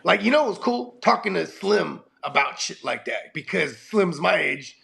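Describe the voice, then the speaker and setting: A man's voice: high voice, animated, moderate pace, vocal fry, bright, forceful tone, husky. A man in his forties co-hosting a casual chat, rambling and profane, laughing often, with a cold. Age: 40s. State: has a cold. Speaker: podcast co-host.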